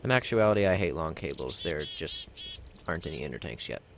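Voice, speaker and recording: A man's voice: extremely low pitch, expressive, fairly quick, a little hiss or hum. A man giving casual gameplay commentary, rambling and self-mocking as he talks himself through crafting. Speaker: let's play gamer.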